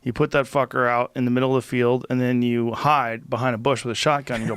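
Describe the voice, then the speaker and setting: A man's voice: medium pitch, level tone, quick pace, a bit bright, smooth, no echo. Blunt, profane male podcast host. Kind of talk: casual podcast chat. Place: podcast studio. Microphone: studio microphone.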